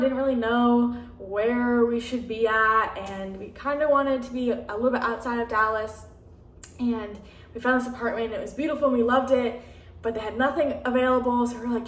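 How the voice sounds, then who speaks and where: A woman's voice: on the high side, a bit bright. Chatty young woman in an echoey room. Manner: chatty, many fillers and "like", acts out quoted dialogue. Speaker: vlogger. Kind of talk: candid casual chat. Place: her apartment, indoors. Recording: roomy echo, slightly distant mic.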